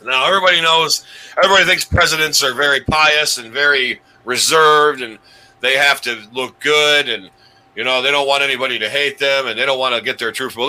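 A man's voice: mid-range voice, fairly quick, bright, forceful tone, poor audio. A man hosting a comedy countdown show, rambling with restarts and chuckling at his own jokes. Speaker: host.

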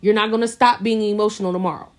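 A woman's voice: mid-range voice, fairly even intonation, quick pace. A woman co-hosting a podcast, talking earnestly and with emphasis in casual chat. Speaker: podcast co-host.

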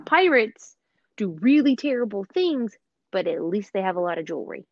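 A woman's voice: mid-range voice, very animated, normal speed, gravelly, dry recording, dull audio. A woman in casual chat, talking in an opinionated way with lots of fillers. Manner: chatty, opinionated, many "like" fillers.

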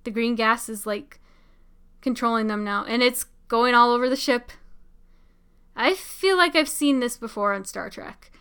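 Giggly young woman, bright clear voice. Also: on the high side, unhurried. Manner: chatty, giggly, excitable, many "like" fillers. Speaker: show reaction commentator. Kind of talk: casual live reaction commentary.

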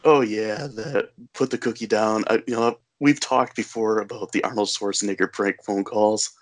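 Low-voiced man rambling about a movie. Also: steady tone, normal speed. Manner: rambling, with fillers and laughter. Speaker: podcast host. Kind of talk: casual movie discussion.

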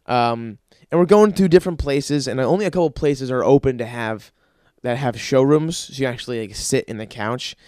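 Profane, rambling young podcast host. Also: male voice, mid-range voice, moderate pace, darkish tone, no room sound, clean studio sound. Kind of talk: casual solo podcast rant.

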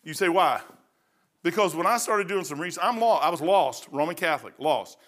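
A man's voice: on the high side, lively intonation, fairly quick, fairly bright tone. A man preaching a folksy sermon, rambling through stories and laughing at his own jokes.

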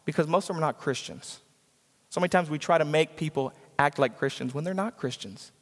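High-voiced pastor preaching in a reverberant hall. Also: male voice, fairly quick. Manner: preaching with emphatic repetition, acting out quoted people. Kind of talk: sermon. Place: church sanctuary.

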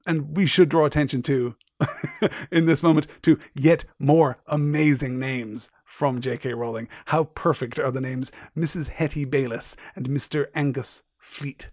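A man's voice: a little high, a little slow, darkish tone, dry recording, studio quality. A man hosting a podcast and giving a reflective, emphatic literary analysis. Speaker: podcast host.

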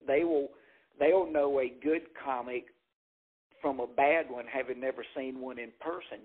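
Southern stand-up comedian, phone-like sound. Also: male voice, medium pitch. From Jackson, Mississippi. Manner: animated storyteller acting out quotes. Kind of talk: storytelling interview.

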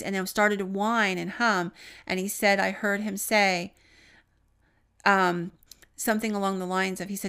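A woman co-hosting a podcast and recounting a paranormal story. Her voice has a gravelly, creaky texture. She tells it earnestly and lets her voice fall away on the grimmest details. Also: medium pitch, fairly even intonation, normal speed. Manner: earnest retelling, trailing off softly on grim details. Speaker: podcast co-host.

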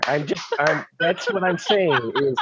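A man's voice: on the high side, unhurried, background noise. A man on a film review podcast panel, talking at length in a rambling, emphatic way with frequent restarts. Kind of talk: casual film review chat. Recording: dry, muffled lo-fi audio.

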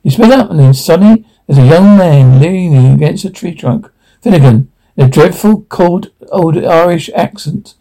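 A man reading a script's stage directions aloud, halting, with slips and restarts. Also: fairly high pitch, dark tone, poor audio. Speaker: reader.

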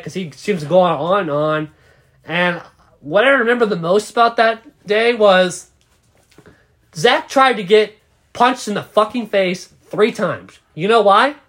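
A man's voice: sits high, fairly bright tone. A young man casually telling a rambling, profane story as a podcast co-host.

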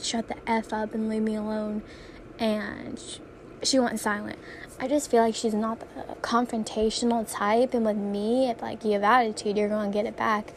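A young woman with a slightly high voice tells rambling stories to her viewers in a casual vlog, breaking into giggles as she goes. A faint hum of room noise sits under her voice. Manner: giggly, rambling, laughs often mid-story. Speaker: vlogger.

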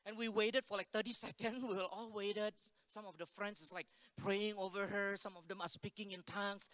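Male pastor, chatty storytelling sermon, bright tone, dry close sound. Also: sits high, steady tone, fairly quick, no echo. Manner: conversational, asks the congregation questions. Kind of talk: unscripted sermon told as a story.

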